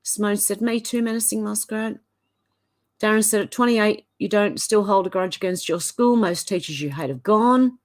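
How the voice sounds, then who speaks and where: A woman's voice: medium pitch, normal speed. A woman with an Australian accent, hosting a livestream and reading viewers' comments aloud, with short reactions in between. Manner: reads each comment, then reacts briefly. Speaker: livestream host.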